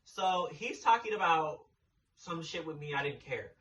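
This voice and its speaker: Young man, storytime vlogger, blunt, sassy, swears a lot, fairly high voice. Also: expressive, measured pace, a bit bright, distant mic, lo-fi sound. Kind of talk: casual storytime.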